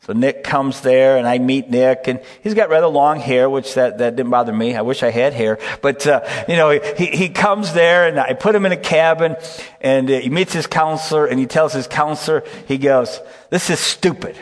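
A middle-aged pastor preaches in a folksy storytelling way, often breaking off to ask his listeners "okay?". His voice sits at a middle pitch for a man. It rings out with a long reverb, as in a large church hall. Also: fairly even intonation, moderate pace. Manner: folksy, peppers stories with "okay?". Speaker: pastor and camp director. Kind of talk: storytelling sermon.

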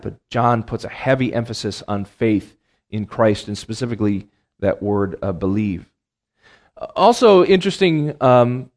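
A man's voice: medium pitch, darkish tone. A middle-aged man teaching a Bible class in a lecture, who explains terms plainly and repeats his key phrases, with many ums and uhs.

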